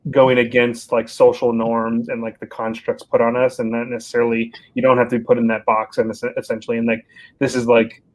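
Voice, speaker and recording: A man's voice: mid-range voice, monotone, a little fast, darkish tone, poor audio. A man co-hosting a casual podcast chat, rambling with lots of restarts. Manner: rambling, many fillers and restarts. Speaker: podcast co-host.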